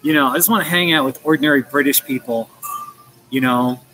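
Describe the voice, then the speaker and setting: A man's voice: medium pitch, a little fast, bright, forceful tone, a little hiss or hum, low-quality recording. An American man chatting casually on a livestream, rambling with lots of restarts and fillers. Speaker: livestream host. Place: coffee shop. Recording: faint café ambience.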